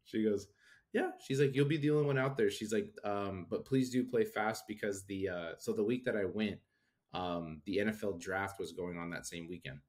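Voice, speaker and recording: A man in his thirties, co-hosting a podcast, telling a story in a casual, animated way and acting out the people he quotes. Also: fairly low pitch, normal speed. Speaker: podcast co-host. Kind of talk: casual chat.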